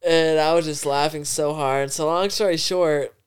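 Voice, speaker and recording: A man's voice: on the high side, steady tone, moderate pace, smooth. A young man in his twenties, a podcast guest telling a rambling story full of swearing and laughter. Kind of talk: casual storytelling.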